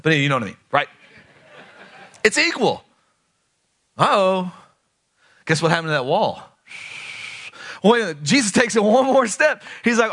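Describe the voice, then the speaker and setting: A man preaching a sermon in a conversational, animated way, swinging between loud emphatic lines and hushed ones. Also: high-pitched, measured pace, pauses often. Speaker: pastor.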